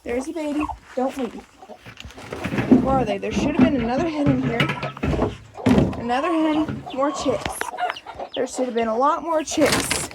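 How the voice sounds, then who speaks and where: A woman's voice: sits high, unhurried, pauses often. A woman narrating her farm chores casually, coaxing and exclaiming at her chickens. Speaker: farm vlogger. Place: outdoor chicken coop. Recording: loud farmyard background noise. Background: clucking hens and chirping chicks.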